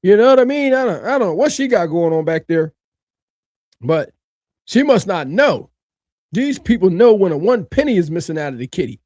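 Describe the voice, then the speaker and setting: High-pitched guy going off on a video, voice all over the place, dry close mic. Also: moderate pace, dry recording. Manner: animated, swings from low mutters to high shouts, colloquial. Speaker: commentator reacting to a video. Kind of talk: animated reaction commentary.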